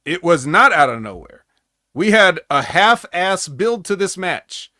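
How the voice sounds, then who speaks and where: A man's voice: high-pitched, sing-song, a little slow, bright, forceful tone, dry recording, clean studio sound. A man co-hosting a casual wrestling recap podcast, rambling with sarcastic asides. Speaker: podcast co-host.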